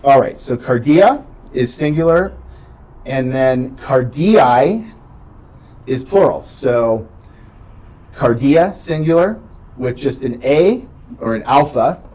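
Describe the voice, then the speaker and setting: Mellow-voiced man teaching a class. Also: mid-range voice, low-quality recording. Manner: explanatory, frequent "right?" checks. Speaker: Greek instructor. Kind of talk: classroom lecture.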